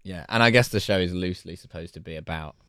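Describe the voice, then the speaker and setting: A man's voice: deep voice, quick pace, pushed and bright, smooth, no echo, studio quality. A man co-hosting a podcast in casual, jokey chat. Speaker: podcast co-host.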